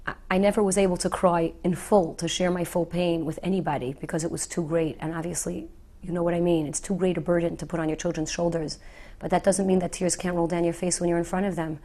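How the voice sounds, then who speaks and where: A middle-aged woman, herself widowed, speaking gently and earnestly to grieving women with reassuring repetition. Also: lowish voice. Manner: soft, earnest, reassuring, repeats key phrases. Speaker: widow giving advice to the bereaved. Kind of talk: gentle heartfelt talk to the viewer.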